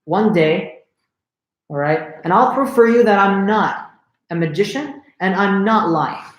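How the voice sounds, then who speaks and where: A man's voice: high-pitched, unhurried, reverberant. A man voicing a righteous male prophet who pleads earnestly and firmly with a tyrant, in a retold story. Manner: earnest, firm, repetitive pleading.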